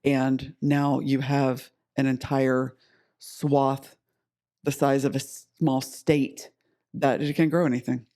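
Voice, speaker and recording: A man's voice: medium pitch, flat delivery, slow pace, dark tone. A man co-hosting a podcast in casual conversation, asking puzzled questions. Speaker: podcast co-host.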